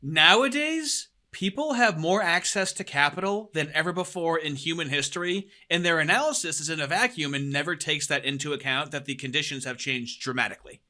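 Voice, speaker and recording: High, animated, profane ranting host man. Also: a little fast, hardly any pauses. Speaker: podcast host. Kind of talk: casual podcast commentary.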